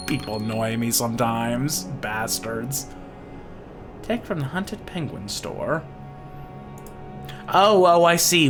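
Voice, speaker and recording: A woman plays a video game and comments excitably, laughing and swearing as she goes. Her voice sits low but jumps around in pitch, with game music behind her. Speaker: streamer. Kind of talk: let's play commentary.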